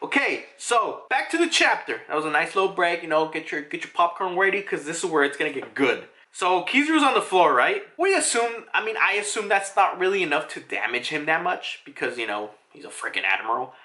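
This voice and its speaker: A young adult fan reviewing a manga chapter in a rush of excitement, cursing and laughing as they go. The voice is bright and forceful, and the pitch leaps up and down all the way through. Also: brisk, hardly any pauses. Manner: hyped, swears freely, laughs often. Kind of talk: excited casual commentary.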